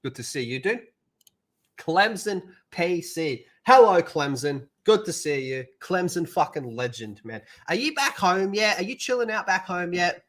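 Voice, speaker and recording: A man hosting a live stream, greeting viewers and reading out the chat with crude, rowdy jokes and loud bursts. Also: high-pitched, big pitch swings, a little slow. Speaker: livestream host.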